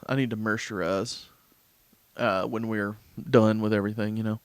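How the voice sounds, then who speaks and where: A man's voice: fairly low pitch, steady tone, normal speed, smooth, dry recording. A man co-hosting a casual podcast, goofy and joking. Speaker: podcast co-host. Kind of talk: casual chat.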